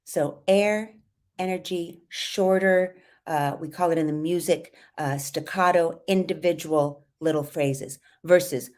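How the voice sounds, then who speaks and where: A middle-aged woman with a trained voice, a voice and confidence coach giving lively, demonstrative live tips. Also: low voice, unhurried. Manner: lively, demonstrative, exaggerates vocal fry and sung phrases to teach.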